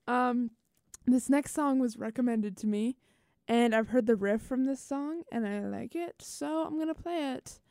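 A woman's voice: fairly high pitch, a little slow, dark tone, clear, resonant tone, no room sound, studio quality. A young woman hosting a college radio show, chatty and giggly, tripping over her station's call letters. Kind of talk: casual radio chat.

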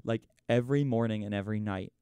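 A man's voice: on the low side, fast talker, dark tone, smooth, dry recording. A young man hosting a college radio show, venting in a frustrated rant full of "like" and "it's like". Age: young adult. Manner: exasperated ranting, frequent "like" and "it's like". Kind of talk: venting on air.

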